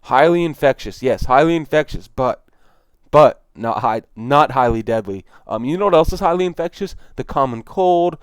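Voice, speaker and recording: A man's voice: mid-range voice, expressive, normal speed, clear, resonant tone, dry recording, clean studio sound. A man giving casual, exasperated commentary on news clips, repeating his points for emphasis. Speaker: video commentator.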